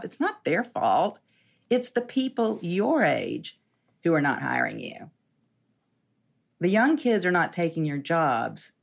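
A woman around sixty, a journalist telling her story candidly in an interview, animated and often laughing. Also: low voice, gravelly.

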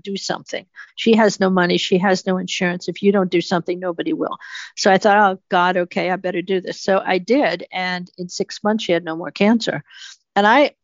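An older woman, a guest researcher, tells her story in an interview answer, animated and emphatic, acting out the quotes. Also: medium pitch, no room sound. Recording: dull, dry, slightly muffled sound.

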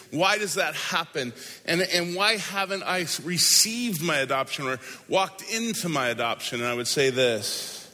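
Male pastor, sermon delivery, conversational but emphatic, bright tone, big reverberant hall. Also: a little high. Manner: conversational, emphatic, shifts between quick asides and slow stressed phrases.

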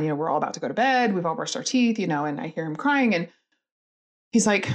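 A middle-aged woman with a fairly low voice tells a personal family story. She talks in an earnest, candid way and stops to restart her sentences, with many fillers along the way. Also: animated, fast talker. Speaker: guest telling her story.

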